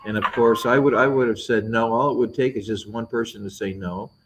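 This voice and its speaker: Man, middle-aged, mid-range pitch, politician guest, earnest, halting, lots of uhs and restarts. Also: fairly even intonation, noisy background. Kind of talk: live interview answers.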